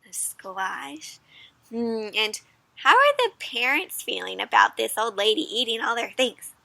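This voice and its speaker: A young woman hosting an interactive children's read-aloud, animated and teacherly, stopping to ask the listener questions. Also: on the high side, measured pace, vocal fry, no room sound.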